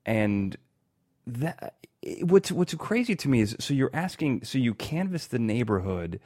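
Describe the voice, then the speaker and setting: A man's voice: medium pitch, big pitch swings, measured pace, dark tone, no echo, studio quality. A man hosting a podcast interview, chatty and self-mocking, often restarting his sentences. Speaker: podcast host.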